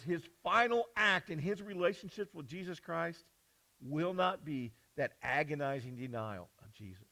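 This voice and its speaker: A man preaching a sermon as pastor, retelling scripture as a story and swinging from hushed, low lines to loud, high ones. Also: rough recording.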